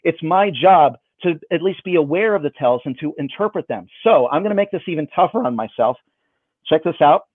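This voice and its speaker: Playful magician on a tinny line. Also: male voice, on the high side, lively intonation, brisk, no room sound. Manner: playful, self-mocking patter. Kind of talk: online magic performance. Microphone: video call. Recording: dry, phone-like band.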